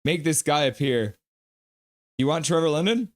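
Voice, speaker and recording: A man's voice: fairly high pitch, lively intonation, normal speed. A man hosting a live stream, playfully reading viewer comments aloud and answering them. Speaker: livestream host.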